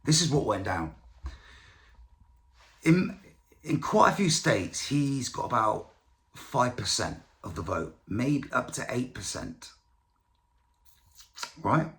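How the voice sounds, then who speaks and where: Guy vlogging about politics, swears a lot, rough gravelly voice, up and down delivery. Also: mid-range voice, slow, pauses often. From United Kingdom. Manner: profane, rambling, animated. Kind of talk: casual political commentary.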